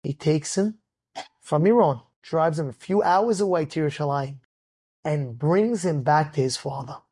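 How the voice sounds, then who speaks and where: A man who is a rabbi telling an inspirational story in a sermon, animated and dramatic, acting out the characters and rising to shouts at the peaks. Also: fairly high pitch, moderate pace, husky.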